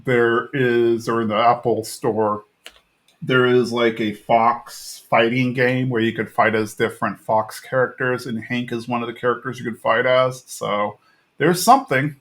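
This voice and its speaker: A man's voice: mid-range voice, measured pace. Rambling man recapping a cartoon. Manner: rambling, animated retelling with filler words. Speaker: podcast co-host. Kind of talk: casual chat recapping a cartoon episode.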